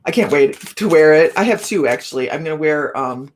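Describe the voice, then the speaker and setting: A woman's voice: low-pitched, expressive, fairly quick, slight background noise. Chatty woman hosting a tarot stream. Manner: chatty, laughs often, greets viewers by name. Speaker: tarot reader and live-stream host. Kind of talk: casual live-stream chat with viewers.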